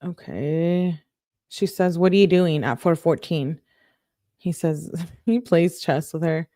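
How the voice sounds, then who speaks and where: A woman with a fairly low voice works through a long chain of text messages, reading each one aloud. She breaks in with exasperated comments of her own between them. The sound is dry and close, with no room around it. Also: slow pace, dark tone, no echo. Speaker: true-crime commentator.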